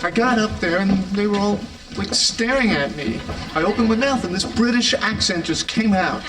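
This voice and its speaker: A nervous, sheepish sitcom man with a high voice; a noisy TV clip from a distance. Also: expressive, moderate pace. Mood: flustered. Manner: flustered, sheepish storytelling.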